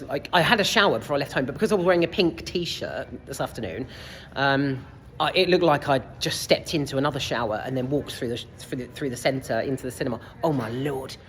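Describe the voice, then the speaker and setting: A young man ranting casually about a film and the heat, sweary, exasperated and rambling, filmed in a cinema foyer. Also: medium pitch. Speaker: film reviewer. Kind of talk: casual vlog rant. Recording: reverberant foyer, faint background noise.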